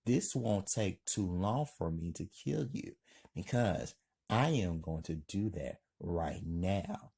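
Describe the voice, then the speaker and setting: A man voicing a calm, soft-spoken male killer with a husky voice, read as part of a story. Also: fairly low pitch, slow pace, exaggerated voice. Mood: calm menace.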